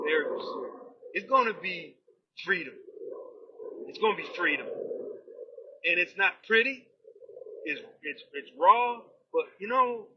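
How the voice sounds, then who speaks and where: A high, bright, sharp-edged man's voice with a husky grain, swinging widely up and down as he rants bluntly about his union. He talks in a fired-up, slangy way. The recording sounds dull and lo-fi. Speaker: union steward running for local president. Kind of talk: ranting campaign talk.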